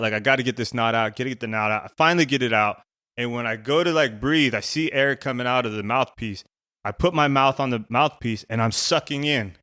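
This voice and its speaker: A middle-aged former Navy SEAL turned coach tells a personal story in a casual podcast, sprinkling in lots of "you know" and "right." His medium-pitched voice sounds pushed, bright and smooth, captured in clean studio sound with no room echo.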